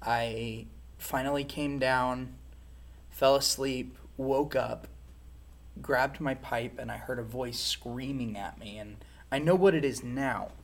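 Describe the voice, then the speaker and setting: A man's voice: medium pitch, slow pace. A man speaking as an interview guest, giving a candid personal testimony in a reflective, frank way.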